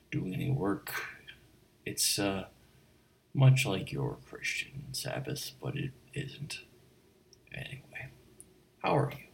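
A man in a whispered role-play, playing a chatty, rambling late-night bartender who stammers and speaks softly. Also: lowish voice, gravelly, rough recording. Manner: rambling, stammering, soft-spoken.

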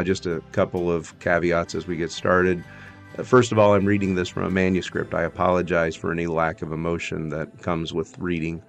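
A man's voice: low voice, gravelly. A man reading a sermon aloud from a manuscript, building intensity in the passionate passages.

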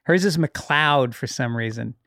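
A man in his fifties, a comedian guest on a podcast, chatting casually with quick, dry remarks. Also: mid-range voice, a bit bright, dry recording. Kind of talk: casual chat.

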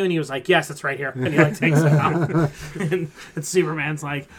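Man, podcast host, casual chat, rambling, lots of fillers, a bit high-pitched. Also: steady tone, a little fast. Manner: rambling retelling full of fillers.

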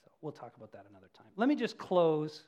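A male pastor giving a passionate sermon that swings from emphatic, raised declarations to quiet, intimate moments. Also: on the high side, very animated, fast, muffled recording. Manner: passionate, repeats himself in emphatic lists, then drops to quiet and intimate.

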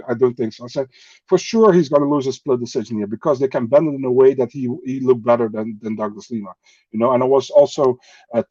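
Dutch man, dark voice on a dull line. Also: medium pitch, no room sound. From Netherlands. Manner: blunt, swears, non-native phrasing. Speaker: podcast guest, journalist. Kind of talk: casual podcast chat.

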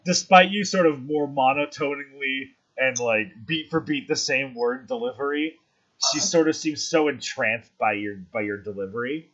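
A man narrates a tabletop game as the game master, pausing often and circling back mid-sentence. His voice is husky. The recording sounds dull and lo-fi. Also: mid-range voice, a bit bright. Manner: halting, filler-laden narration.

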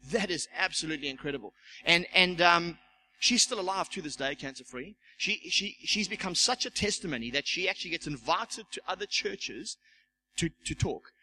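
A man's voice: high-pitched, expressive, moderate pace, bright, forceful tone, a little hiss or hum, poor audio. A man, a church elder, preaching a sermon and telling a personal testimony, acting out the voices in his story and repeating words as he goes. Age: young adult.

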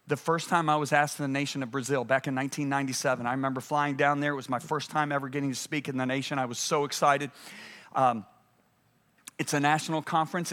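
A male preacher delivering a sermon, swinging between loud urgent peaks and hushed, low passages.

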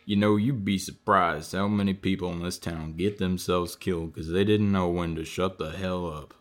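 An actor playing a guarded, menacing suspect in a noir mystery drama, speaking with an Italian accent in curt, hesitant replies. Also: male voice, medium pitch, huge pitch swings, brisk, a bit bright. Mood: threatening. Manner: curt, hesitant fillers, turns threatening.

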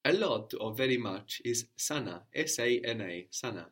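A man teaching a language lesson, repeating each answer back slowly and checking understanding with a questioning "no?". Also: medium pitch, animated, fairly bright tone.

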